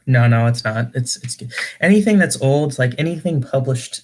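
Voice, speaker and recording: Man, livestream host, mid pitch, stumbling self-correcting reading, casual chat. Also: animated, normal speed.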